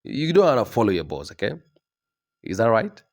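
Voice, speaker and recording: A man's voice: lowish voice, wildly swooping pitch, a little fast. A young man delivering an emphatic opinion monologue, lecturing and repeating himself with frequent tag questions. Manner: emphatic, repetitive, lecturing with frequent "okay?" tags. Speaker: commentator.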